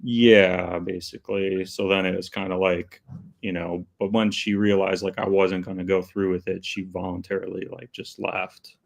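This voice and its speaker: A man's voice: sits low, level tone, moderate pace, vocal fry. A man calling in to a show, explaining his situation hesitantly, with lots of "like" and "kinda". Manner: hesitant, many fillers like "like" and "kinda". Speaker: caller. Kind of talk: call-in question.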